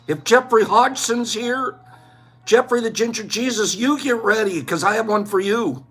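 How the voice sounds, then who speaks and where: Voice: medium pitch, moderate pace, a bit bright, husky, faint music behind. A livestream host in casual chat, playful and teasing, calling out chatters by name.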